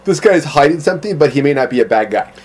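A man's voice: a little high, animated, racing, darkish tone, slightly rough, rough recording. A man co-hosting a podcast, chatting casually in a rambling, stumbling way. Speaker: podcast co-host. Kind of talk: casual chat.

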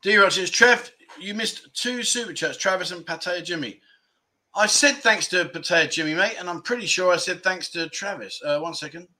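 High-voiced and sharp in tone, an English livestream host speaks at normal speed from inside his home. He casually chats and reads viewer comments, rambling in a self-deprecating way.

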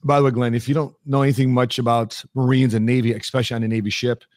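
In a conversational interview, a middle-aged guest with an ordinary pitch narrates at a quick pace, animatedly acting out each quoted exchange. His audio is close and dry, lacking any room sound.

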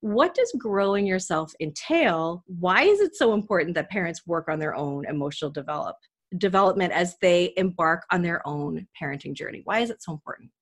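A woman's voice: on the low side, animated, fairly quick. A woman from Canada hosting a podcast interview, talking in an earnest, heartfelt way about a personal story. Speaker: podcast host. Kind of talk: emotional conversational interview.

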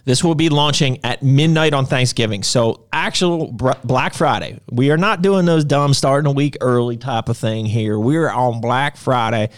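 A man's voice: mid-range voice, normal speed, few pauses. A young man hosting a casual promotional chat about store sales. He talks in a loose, rambling way and often stops and restarts his sentences. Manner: loose and chatty, stops and restarts, jumps between deals. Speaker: gym owner and supplement shop host.

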